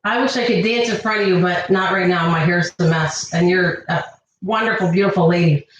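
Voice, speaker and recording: A woman hosting a casual cooking livestream, chatting away and warmly thanking viewers by name from her kitchen. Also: on the low side, brisk, muffled recording, slight background noise. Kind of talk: casual live-stream chat. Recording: echoey room.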